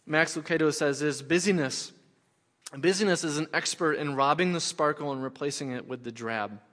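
A man's voice: a little high, normal speed, a bit bright. Man preaching in an echoing hall. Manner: conversational preaching with repeated phrases. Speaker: pastor. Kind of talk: sermon. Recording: long hall reverb.

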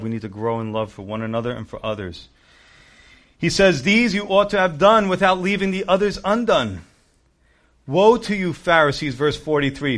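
A male pastor preaching a casual, conversational sermon, acting out quotes and cracking jokes with laughter. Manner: animated, acts out quotes with shifting pitch and volume; conversational, jokey asides with laughter.

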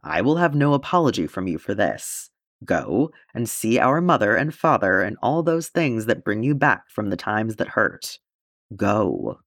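Brief: storybook dwarf king, weary and gentle, low and measured, dry close read, man voicing. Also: big pitch swings, no echo, full character voice.

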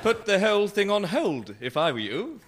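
A man playing a sly, scheming Victorian gentleman in a comedy sketch. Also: high voice, sing-song, normal speed, heavy background noise.

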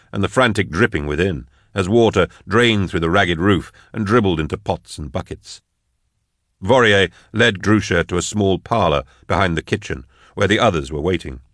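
A man narrating an audiobook in an even, measured delivery. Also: low voice, no echo, studio quality. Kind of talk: scripted narration.

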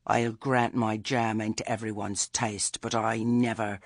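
A man voicing a stern old witch woman who speaks meekly and quietly, with menace under it. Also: rumbling low, a little slow, vocal fry, breathy edge, no echo, clean studio sound, full character voice. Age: older. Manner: meek, soft-spoken, understated.

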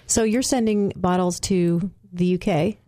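A woman co-hosting a podcast in casual chat, asking quick, upbeat questions. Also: lowish voice, dark tone, dry recording.

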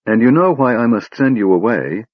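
A man's voice: mid-range voice, lively intonation, normal speed, muffled recording, pitched above the performer's own voice, natural voice. A man voicing a stern, troubled male knight who speaks harshly.

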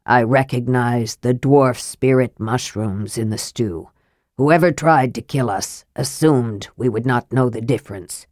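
Woman voicing a frail young male mage, cold, clipped and precise, lower and quieter than the narration, dry close recording. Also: unhurried, dry recording. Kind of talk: audiobook dialogue.

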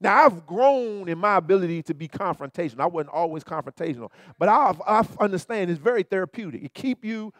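High-voiced man preaching a lively sermon. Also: fairly quick, few pauses, dry recording, clean studio sound. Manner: animated, colloquial preaching with repeated asides to the listeners. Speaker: pastor.

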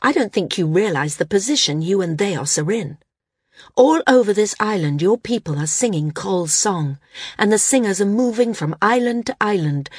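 A woman's voice: medium pitch, husky, no echo, clean studio sound, pitched above the performer's own voice. A woman voicing a resolute woman flyer who speaks firmly and commandingly. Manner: firm, commanding.

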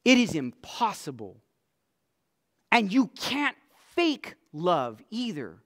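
A man preaching a sermon as pastor. His voice drops to a hush and then swells into loud, emphatic lines. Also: high-pitched, huge pitch swings. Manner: swings from soft, hushed lines to loud emphatic declarations; slow and deliberate, stretching out scripture lines.

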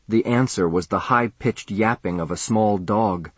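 A man reading a first-person story aloud in a measured, earnest storytelling manner. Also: lowish voice, breathy edge, dry recording. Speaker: audiobook narrator. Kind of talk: scripted first-person narration.

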